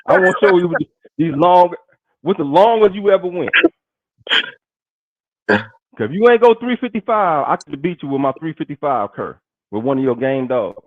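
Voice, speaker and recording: A man's voice: on the high side, sing-song, moderate pace, long pauses, dry recording. A man in a casual streamed talk, pressing the others and repeating the same question. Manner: insistent, keeps repeating his question. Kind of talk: casual banter. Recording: dull lo-fi stream audio.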